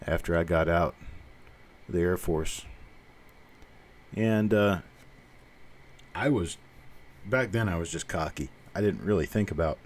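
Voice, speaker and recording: Blunt low-voiced Southern man. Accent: mild Southern American. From Southern United States. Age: 50s. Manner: blunt, rambling, self-mocking. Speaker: host. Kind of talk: casual live-stream chat.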